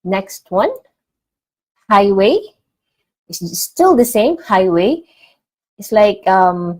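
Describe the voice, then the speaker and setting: A woman teaching vocabulary in a casual online lesson, repeating each word clearly for learners. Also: mid-range voice, big pitch swings, extremely slow, long pauses, low-quality recording. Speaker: language teacher.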